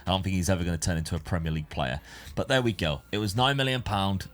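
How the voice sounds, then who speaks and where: A man's voice: sits low, lively intonation, quick pace, a bit bright, faint music behind. A man giving casual, rambling commentary on his football management game. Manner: chatty, rambling, self-correcting. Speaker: gaming YouTuber.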